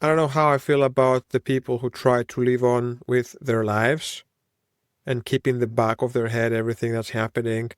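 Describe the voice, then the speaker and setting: A man's voice: medium pitch, level tone, moderate pace, clear, resonant tone, dry recording, clean studio sound. A man in his thirties with a Greek accent, hosting a solo podcast in a reflective, wandering way. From Greece. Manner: reflective, musing, wandering train of thought. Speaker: podcast host.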